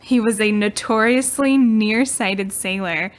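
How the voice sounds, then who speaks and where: A woman's voice: medium pitch, a little slow. Chatty young woman podcast co-host. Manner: chatty, giggly, trails off mid-sentence. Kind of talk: casual storytelling chat.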